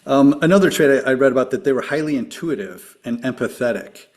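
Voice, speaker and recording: A man's voice: medium pitch, lively intonation, quick pace, a little mellow. Friendly male podcast host. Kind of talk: interview questions.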